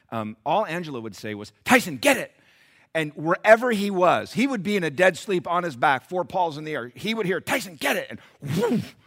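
A man preaching a sermon in a church, animated, swinging from loud emphasis to quiet asides. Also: a little high. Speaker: pastor.

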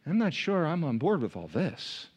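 A male pastor preaching a sermon, chatty and informal one moment, rising to impassioned, near-shouted preaching the next. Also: fairly high pitch, wildly swooping pitch, normal speed, slightly rough. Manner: conversational, building to impassioned shouting.

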